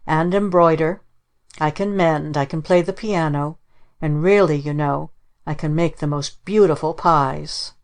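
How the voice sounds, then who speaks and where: A woman's voice: deep voice, a little slow. A woman reading the part of a proud, flustered lady in a storybook, prim and earnest.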